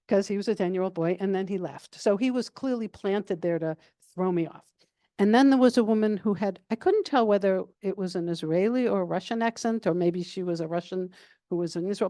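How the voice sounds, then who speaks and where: An older retired woman, a guest speaker answering audience questions in a calm, level, chatty way with many fillers. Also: fairly low pitch, dry recording, studio quality. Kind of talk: casual Q&A answers.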